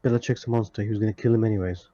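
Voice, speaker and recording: Low-ish guy gaming w friends, calm in-character talk, super dry mic. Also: racing, dry recording, highs cut off. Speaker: player. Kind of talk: casual tabletop game chat.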